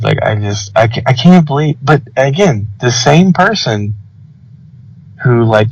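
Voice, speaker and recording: A young man co-hosting a podcast, telling a story in casual chat, swearing and acting out the quoted lines. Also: medium pitch. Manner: animated, profane, acts out quoted dialogue. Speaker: podcast co-host. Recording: slightly muffled podcast recording.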